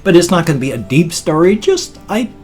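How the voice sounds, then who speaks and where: A man's voice: on the high side, big pitch swings, a little fast, a little mellow, faint music behind. A man in his fifties, vlogging in a rambling, playful way and dropping silly sound effects into his talk. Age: 50s. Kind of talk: casual vlog monologue.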